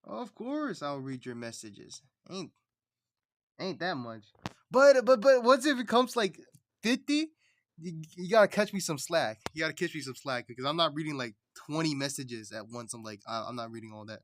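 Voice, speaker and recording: A man's voice: mid-range voice, lively intonation, moderate pace, a bit bright. A man streaming while he draws and animates, talking to himself in a rambling, chatty way. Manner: rambling, chatty self-talk. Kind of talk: casual livestream chat.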